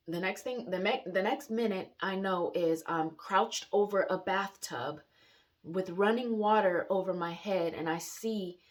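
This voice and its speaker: A young adult woman telling a personal story in a casual, rambling way, with restarts, pauses and the odd wry laugh. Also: medium pitch. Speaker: vlogger sharing personal story.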